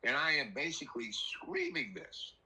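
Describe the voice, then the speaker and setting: An older man telling a rambling personal story in a casual, animated way, acting out the voices of the people in it. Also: a little high, normal speed, rough recording. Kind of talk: casual spoken anecdote.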